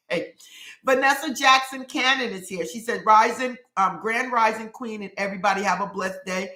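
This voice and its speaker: A woman chats through a livestream, reading viewer comments aloud. She is effusive and keeps repeating her praise. Her voice is bright and forceful, and it echoes in the room. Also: medium pitch. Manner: effusive, repeats "I love it" often. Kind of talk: casual livestream chat.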